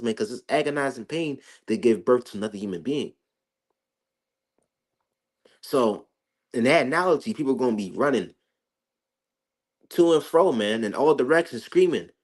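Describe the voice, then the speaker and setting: A man preaches in a loose, emphatic way about Bible prophecy. He stumbles over his words and restarts often, curses casually, and his voice sits at a middling pitch. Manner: emphatic, stammering restarts, swears freely. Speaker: street preacher. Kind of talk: informal Bible commentary.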